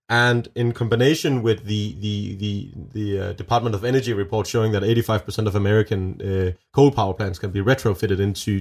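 A man with a Danish accent, answering interview questions as a nuclear energy advocate, earnest and emphatic with many restarts. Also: fairly low pitch. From Denmark.

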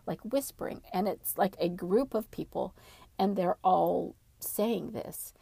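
Gravelly woman telling a wild story. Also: mid-range voice, slow, no echo. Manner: animated, dramatic retelling. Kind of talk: casual storytelling.

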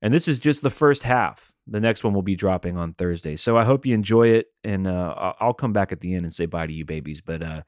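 Low-voiced relaxed male podcast host. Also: a little fast, few pauses, no echo, clean studio sound. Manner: relaxed, rambling with fillers. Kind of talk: casual podcast chat.

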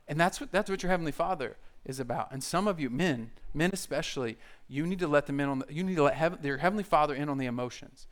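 A male pastor preaching a conversational sermon, joking and animated as he talks to the congregation. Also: fairly high pitch, fast, hardly any pauses.

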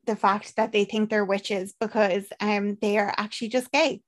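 A woman's voice: medium pitch, moderate pace. A young Irish woman chatting casually on a podcast, retelling a film with acted-out lines and swearing. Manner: animated storyteller, acts out characters, swears freely. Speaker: podcast co-host. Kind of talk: casual chat recapping a film.

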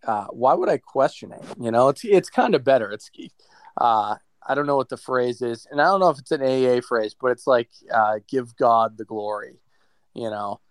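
A man talks in a relaxed, reflective way on a podcast. His voice is smooth and resonant. The sound is dry and close, with no room around it. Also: mid-range voice, moderate pace, no echo. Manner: reflective, talks about faith. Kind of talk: casual conversation.

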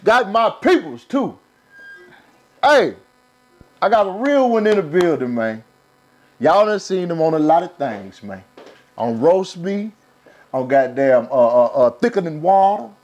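A man's voice: on the high side, animated, unhurried, pauses often, darkish tone. A man hosting a casual podcast, talking loose and slangy as he hypes up his guests. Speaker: podcast host.

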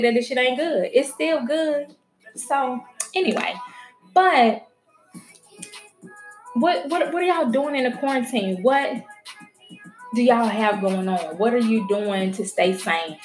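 A woman's voice: a little high, a little slow, long pauses. A woman vlogging casually to her viewers, frank and chatty, swearing freely as she talks straight to them. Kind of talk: casual chat to camera. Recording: roomy echo with faint music.

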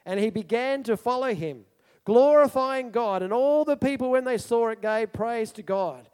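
High-voiced preacher in an echoey hall. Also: male voice, normal speed, clear, resonant tone. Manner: animated storytelling, asks the congregation questions. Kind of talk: sermon.

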